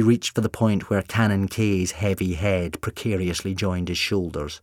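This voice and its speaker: A man narrating a storybook reading in an expressive, measured way. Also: deep voice, dry recording, clean studio sound.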